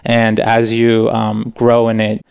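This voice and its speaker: Earnest young man, smooth flat voice. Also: fairly low pitch, slow pace. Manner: relaxed, earnest, many "like" and "you know" fillers. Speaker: podcast guest, author. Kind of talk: casual interview chat.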